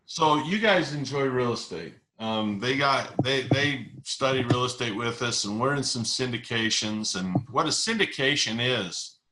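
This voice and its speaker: A man's voice: mid-range voice, expressive, measured pace, few pauses, very noisy. A middle-aged man in an interview, explaining investing ideas with analogies and stories and repeating key words for emphasis. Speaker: investing educator, interview guest. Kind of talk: conversational explanation.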